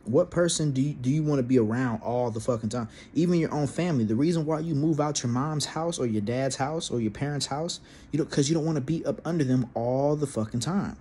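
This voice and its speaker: A man's voice: mid-range voice, a little fast, hardly any pauses, dark tone. A young man with a mid-range voice talks through a personal story in a loose, rambling way, swearing often and restarting his sentences. A faint hiss of noise sits behind him. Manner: profane, rambling, with frequent restarts and fillers. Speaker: vlogger telling a personal story. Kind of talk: casual storytelling monologue.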